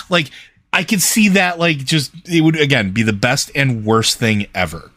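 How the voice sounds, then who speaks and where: A man's voice: mid-range voice, normal speed, fairly bright tone. A man co-hosting a casual podcast, speaking in a playful, emphatic way. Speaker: podcast co-host.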